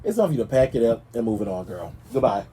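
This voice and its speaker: A man hosting a gossip show, talking in a sassy, animated way and speaking straight to the celebrities he discusses. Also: mid-range voice, quick pace, slight background noise, rough recording. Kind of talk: casual celebrity gossip commentary.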